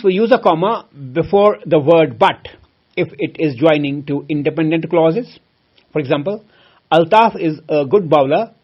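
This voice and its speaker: A man's voice: fairly high pitch, slightly rough, muffled recording. A man teaching a grammar lesson from home, explaining each rule through examples and calling his listeners friends. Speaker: English teacher.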